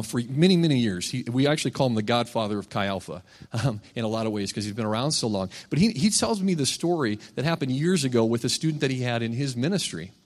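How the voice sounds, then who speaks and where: A man's voice: mid-range voice, long reverb tail. A man preaching a sermon, telling stories and reading scripture in a casual, conversational way. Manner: conversational, animated when voicing characters in stories. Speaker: campus ministry preacher.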